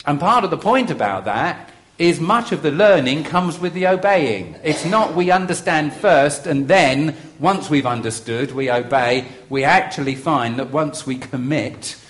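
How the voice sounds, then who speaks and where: A man preaching a sermon as pastor, measured and emphatic with deliberate pauses. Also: medium pitch.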